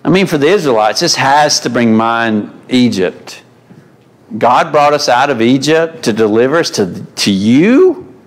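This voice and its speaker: A man's voice: medium pitch, lively intonation, normal speed. A man teaching a mid-week Bible class in a church, in a conversational way, asking the class questions. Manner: conversational, asks the class questions, folksy phrasing.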